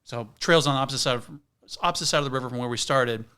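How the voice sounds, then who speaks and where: A middle-aged man, a podcast guest, telling an outdoor story in a lively, casual way and acting out the scenes. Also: mid-range voice, rapid-fire, clear, resonant tone. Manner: animated storyteller, acts out scenes. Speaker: guest, backpacking video creator.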